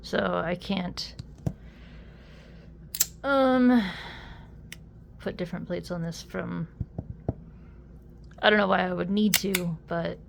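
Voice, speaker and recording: A young adult woman chatting casually while unboxing a fidget toy, easily amused and quick to exclaim. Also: on the low side, flat delivery, vocal fry, noisy background.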